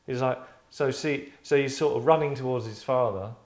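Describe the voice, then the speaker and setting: Guy giving voice notes, rambly, lots of restarts, mid-pitched. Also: normal speed, darkish tone. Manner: rambling, restarts, acts out lines. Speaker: host directing a voice session. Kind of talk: casual chat, giving direction.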